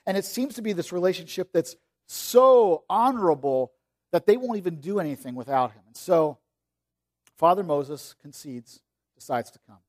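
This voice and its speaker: Conversational man preaching a sermon. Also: high-pitched. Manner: conversational preaching with frequent "like" and restarts, swinging from loud to quiet. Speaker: pastor.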